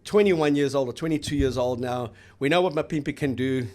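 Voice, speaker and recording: A man's voice: mid-range voice, brisk, darkish tone. Brief: middle-aged man, chatty rugby host, rambling and anecdotal. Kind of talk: casual sports chat.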